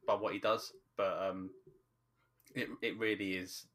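A man speaks in a low, deep voice, chatting casually as a podcast co-host. He talks hesitantly, full of ums and restarts, as he thinks aloud. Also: flat delivery, unhurried, fairly bright tone. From from just outside London, England. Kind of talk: casual chat about a TV show.

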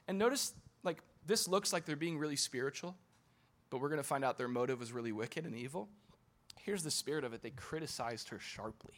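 Impassioned bright-voiced male preacher. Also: animated, brisk. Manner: impassioned, swings from loud urging to low intimate tones, repeats words. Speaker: pastor. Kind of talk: sermon.

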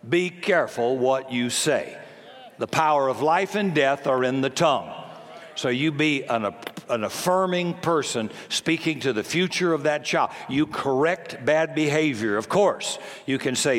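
A man in his seventies preaches a sermon at an unhurried pace, his voice medium in pitch. His delivery is folksy and emphatic, and he often acts out the voices of those he quotes. The recording carries a long hall reverb.

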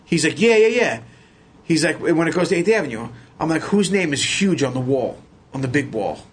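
A middle-aged man, a podcast guest telling animated stories and acting out the voices of other people. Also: on the high side, brisk, slight background noise. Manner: animated, acts out quoted voices. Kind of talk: casual storytelling chat.

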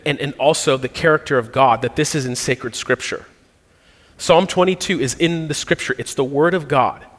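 A man preaching a sermon, earnest and reflective, pausing and restarting as he works through a psalm. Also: mid-range voice, a bit bright. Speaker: pastor. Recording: long reverb of a large hall.

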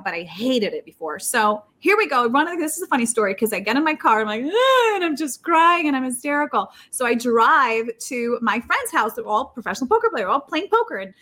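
Animated storytelling woman, fairly high voice. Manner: animated, acts out quotes with big leaps in pitch; fast and chatty, with many restarts. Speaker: guest; poker player. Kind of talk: casual storytelling.

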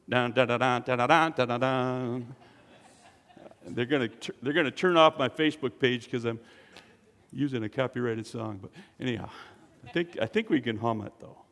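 A man preaching a sermon, building to loud, fervent peaks and joking between points. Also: fairly high pitch, creaky, long reverb tail. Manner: preaching with dramatic swells, jokes and acted quotes.

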